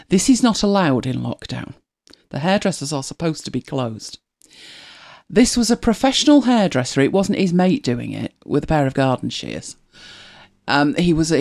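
A woman's voice: on the low side, a little mellow. A woman hosting a casual live chat, greeting viewers and teasing them in a chatty way. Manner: chatty and teasing, with frequent laughs. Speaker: livestream host.

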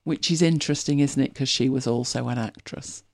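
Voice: medium pitch, a little fast, a little mellow. A host with a British accent, chatting casually and rambling with many restarts. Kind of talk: casual chat.

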